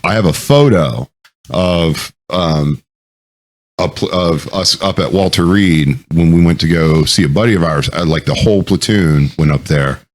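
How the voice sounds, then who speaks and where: A man's voice: sits low, unhurried. A man in his thirties, a Marine veteran and co-host, telling profane stories with lots of laughter in casual chat.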